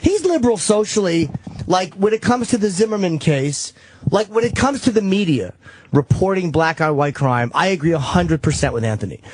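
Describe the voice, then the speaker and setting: A male radio host thinks out loud on air, circling back and correcting himself as he goes, with plenty of swearing. His voice sits a little high for a man. The studio sound is dry and close. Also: lively intonation, moderate pace, no echo. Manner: rambling, self-correcting, profane. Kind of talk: casual radio talk. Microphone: studio microphone.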